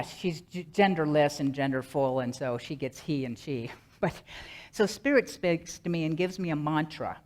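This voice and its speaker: A middle-aged woman minister giving a sermon, earnest and rhythmic, slowly repeating a mantra. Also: sits low.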